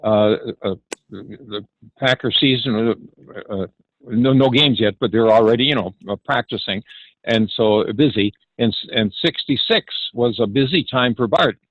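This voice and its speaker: A slightly bright, medium-pitched voice belongs to an eighty-something man telling the story of founding his ranch. The audio is dull with slight background noise; he hesitates frequently and performs the dialogue as he goes.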